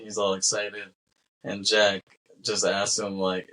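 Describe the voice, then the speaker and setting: A man hosting a casual movie podcast, relaxed and laughing often as he recaps scenes. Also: lowish voice, slow pace. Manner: laid-back, laughs often, acts out quoted lines. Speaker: podcast host.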